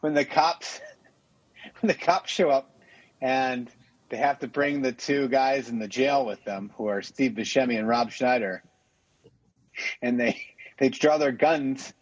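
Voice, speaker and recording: A man's voice: medium pitch, unhurried, long pauses, no echo. A man co-hosting a podcast, chatting casually and stumbling over his words. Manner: chatty, stumbling restarts, laughs often. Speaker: podcast co-host. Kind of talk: casual chat. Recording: dull lo-fi sound.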